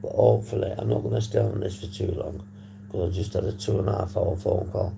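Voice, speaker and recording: A man from the UK hosting a casual recovery livestream, husky from a long phone call, rambling and swearing casually to his chat. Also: low voice, steady tone, quick pace, noisy background. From United Kingdom. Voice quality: gravelly, dark voice. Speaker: livestream host on addiction recovery. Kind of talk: casual live-stream chat to viewers.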